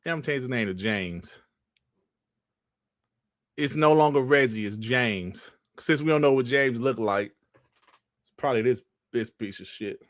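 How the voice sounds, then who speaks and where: A man's voice: medium pitch, normal speed, pauses often, dry recording. A man hosting a casual livestream chat, rambling in slang and laughing often into a close mic. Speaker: host.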